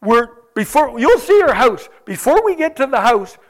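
A man telling a missionary testimony to a congregation, animated and exclaiming often as he cues slides aloud. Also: very high-pitched, normal speed. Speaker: visiting missionary speaker.

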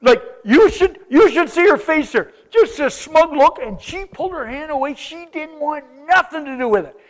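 A man telling a missionary testimony to a congregation, animated and exclaiming often as he cues slides aloud. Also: very high-pitched, normal speed. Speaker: visiting missionary speaker.

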